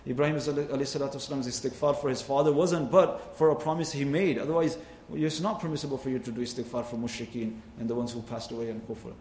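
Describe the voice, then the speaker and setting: A man's voice: mid-range voice, fast, few pauses, a little mellow, slight background noise. A man preaching a sermon with impassioned, rising and falling delivery, mixing in Arabic phrases. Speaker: Islamic preacher. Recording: echoey hall, faint ambience.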